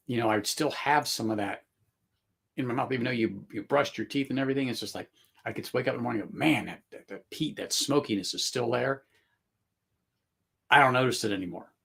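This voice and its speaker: A man's voice: mid-range voice, creaky, a bit bright, breathy edge. A man hosting a casual livestream chat, rambling with many fillers and restarts and laughing often. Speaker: livestream host.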